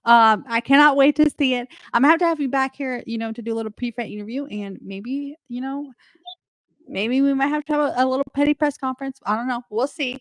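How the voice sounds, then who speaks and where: A woman's voice: high voice, quick pace, dry recording. A woman hosting a casual interview podcast, playful, laughing often and swearing freely. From Puerto Rican heritage. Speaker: podcast host.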